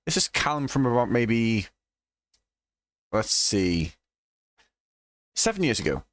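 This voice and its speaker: Man, sweary mocking reaction commentary, lively pitch, dry cheap mic. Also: slow pace, no room sound. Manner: sweary, mocking, laughs often. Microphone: cheap microphone.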